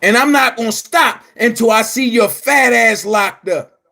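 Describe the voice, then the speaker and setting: Brief: man, very high voice, angry profane commentary rant, frequent shouting, blunt and repetitive. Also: measured pace, gravelly. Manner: blunt and emphatic, repeats phrases. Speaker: online commentary host. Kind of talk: heated vlog rant.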